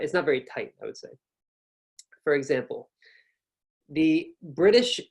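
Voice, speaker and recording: A young man with an American accent leads an online lesson on pronunciation. He talks in a relaxed, explanatory way and sounds out each example himself. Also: fairly high pitch. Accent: General American. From North America. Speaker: pronunciation teacher.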